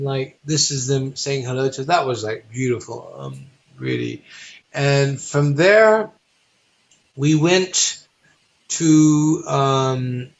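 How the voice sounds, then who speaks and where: Man telling a lively story, lo-fi. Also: fairly high pitch. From United States. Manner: lively storyteller who acts out the people he quotes. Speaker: interview guest, stage performer. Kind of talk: casual anecdote telling. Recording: dull lo-fi recording.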